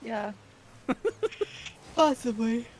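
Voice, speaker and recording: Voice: medium pitch, drawn-out words, slight background noise, low-quality recording. A co-host on a casual show, giggly and playfully argumentative. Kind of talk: casual live-stream chat.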